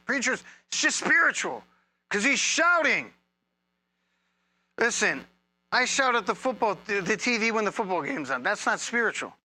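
A man preaching a sermon as a pastor, conversational and humorous, with energetic bursts of emphasis. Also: high voice.

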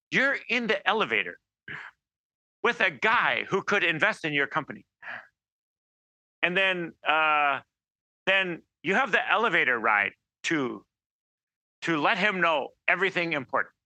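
A man giving an informal sermon, animated and acting out quoted voices, with many restarts. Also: fairly high pitch, no room sound. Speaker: preacher.

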